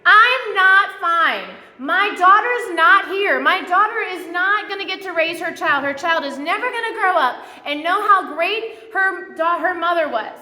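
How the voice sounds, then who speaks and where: A grieving mother breaks down, as a woman on stage acts her out, her voice climbing high and bright. She wails loud and drawn out, sobbing and furious. Long reverb rolls around the church hall. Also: animated, heavily acted. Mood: anguished. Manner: loud, anguished, drawn-out wailing.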